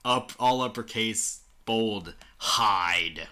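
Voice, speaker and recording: A man's voice: mid-range voice, animated, moderate pace, sharp tone. A man hosting with friends, sarcastically reading a fan story aloud and often laughing. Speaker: host.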